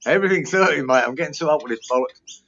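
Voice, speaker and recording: A man's voice: on the high side, quick pace, fairly bright tone. A tired middle-aged man with a Cockney accent, chatting casually and bluntly with plenty of swearing. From London. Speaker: guest. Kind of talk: casual chat. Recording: dull lo-fi sound with faint noise.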